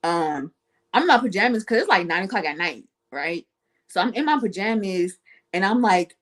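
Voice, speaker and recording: A woman's voice: medium pitch, normal speed. A woman guest on a talk show, telling a personal story casually and acting out the voices of the people in it. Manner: animated, acts out quoted voices.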